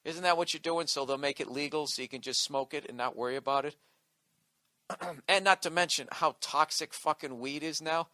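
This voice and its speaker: A man's voice: on the high side, normal speed, sharp tone. A male comedian delivering a profane, combative comedic rant on his podcast.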